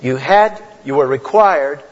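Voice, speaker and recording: A man preaching a sermon as a pastor, earnest and deliberate, often restarting his phrases. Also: on the high side, expressive. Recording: dull lo-fi sound with long hall reverb.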